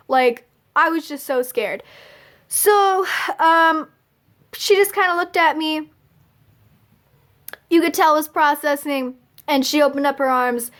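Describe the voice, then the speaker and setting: A young woman vlogger telling a personal story in a chatty, casual way, with lots of fillers and little laughs. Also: sits high. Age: young adult. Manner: chatty, filler-heavy, giggly.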